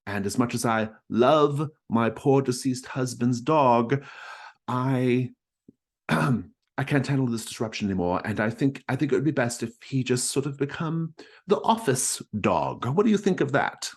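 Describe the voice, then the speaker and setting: A man voicing a soft, fretful, genteel middle-aged widow who speaks in a fussy, prim way. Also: mid-range voice, lively intonation, unhurried, pitched above the performer's own voice. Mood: troubled.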